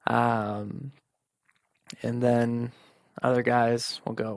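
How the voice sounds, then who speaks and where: Young man with a gravelly voice. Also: mid-range voice, measured pace, pauses often, dry recording. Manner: candid and informal, swears, quotes friends. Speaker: podcast host. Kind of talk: personal monologue.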